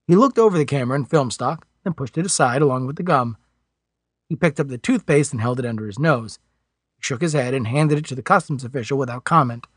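A man reading a science fiction audiobook in scripted narration with expressive, varied delivery. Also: medium pitch, husky, dry recording, studio quality.

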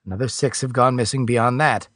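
A man's voice: mid-range voice, steady tone, brisk, fairly bright tone, no room sound, clean studio sound, lightly acted. A man narrating an audiobook voices an older, earnest, worried male official.

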